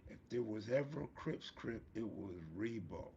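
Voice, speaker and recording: A man's voice: fairly low pitch, expressive, normal speed, creaky, a little mellow, lo-fi sound, slight background noise. A man hosting a live stream, chatting casually in street slang and answering viewers' comments. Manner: laid-back street slang, reads and answers chat comments. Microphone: streaming mic.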